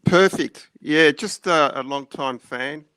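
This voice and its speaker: A man's voice: fairly high pitch, slow, pushed and bright, clean tone, no echo. A man in his fifties with an Australian Melbourne accent, calling in to a livestream and chatting in an easygoing, laid-back way. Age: 50s. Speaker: caller. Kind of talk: casual chat on a call-in.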